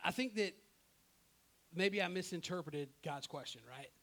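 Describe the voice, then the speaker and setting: A pastor preaching a sermon in a casual, conversational way, acting out the people in his story and checking in with "right?". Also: on the high side. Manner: animated, acts out characters in his own voice; conversational, often asks "right?".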